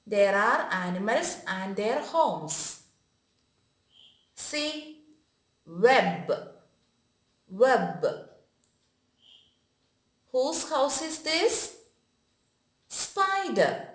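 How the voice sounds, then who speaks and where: A woman teaching an online class to young children, asking questions and making animal sounds in a slow, deliberate, exaggerated way. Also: on the high side, sing-song. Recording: echoey room.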